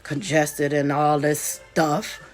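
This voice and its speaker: A woman's voice: deep voice, flat delivery, slow pace, soft background music. A woman vlogger with a congested voice, telling a casual story straight to her viewers with chatty, folksy asides.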